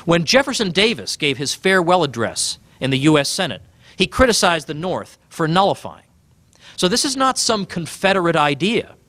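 Man speaking to an audience, lively pitch, fairly high voice, dry close sound, sardonic. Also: moderate pace, dry recording. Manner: animated, sardonic, emphatic. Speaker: author giving a talk. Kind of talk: public speech.

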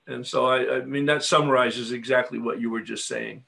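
A man facilitating a recovery workshop, teaching in an unhurried, reflective way and often affirming with a soft "yeah.". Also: medium pitch, fairly even intonation, gravelly.

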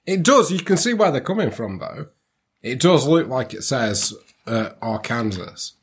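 A man with a Yorkshire accent jokes his way through a podcast, his husky voice swinging widely up and down. He keeps cutting in with quips and put-on voices, swearing as he goes. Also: mid-range voice, big pitch swings, a little slow. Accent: Yorkshire English. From Yorkshire, England. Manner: interrupts with jokes and silly voices, swearing freely. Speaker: podcast co-host. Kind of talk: casual podcast banter.

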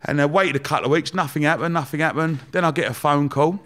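A man's voice: fairly high pitch, fast talker, few pauses, fairly bright tone. A man, a podcast guest telling rambling, laughing anecdotes with casual swearing. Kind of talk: casual storytelling interview.

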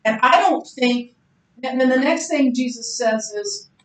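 A woman leads a church Bible class in an earnest, conversational manner, reading scripture aloud and thinking aloud with restarts. Her voice sits a little high. The room sounds roomy, and she stands some way off the mic. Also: unhurried, far from the mic.

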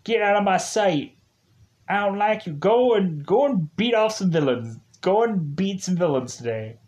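A man's voice: on the high side, slow. A man voicing a grumpy alien male commander, exaggerated, whiny and petulant. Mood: angry.

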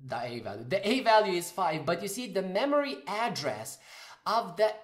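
A man's voice: high voice, very animated, moderate pace. Casual man teaching code in a roomy room. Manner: casual, thinks aloud, corrects himself while typing code. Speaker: programming tutor. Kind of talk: screen-recorded coding tutorial.

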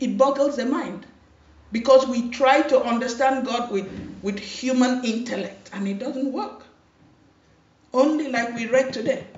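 A woman pastor delivers her sermon at a slow, deliberate pace, repeating her key phrases and calling out for amen. She sounds distant, with a roomy echo and a dull, lo-fi tone. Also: on the high side. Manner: emphatic preaching with repeated phrases and calls for amen.

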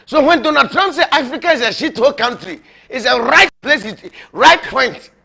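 A bright, high-pitched male preacher addresses his viewers in a loose, rambling sermon. He mocks, laughs often and hammers points home by repeating them. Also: lively intonation, moderate pace, vocal fry, husky. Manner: mocking, laughing, emphatic; repetitive, rambling. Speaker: prophet.

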